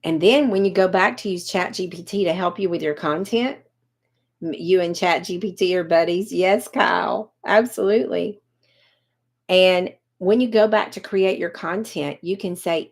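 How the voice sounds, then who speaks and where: A woman's voice: fairly low pitch, normal speed, gravelly. A woman in her fifties chatting on a livestream, coaching viewers on online marketing and answering comments by name. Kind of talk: casual livestream pitch.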